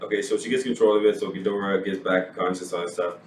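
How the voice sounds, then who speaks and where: A man co-hosting a casual movie review podcast, retelling scenes in a lively way and acting out the characters' lines. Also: sits low, fast. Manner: animated retelling, acts out quotes, laughs often. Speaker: podcast co-host. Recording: echoey room, distant mic, faint noise.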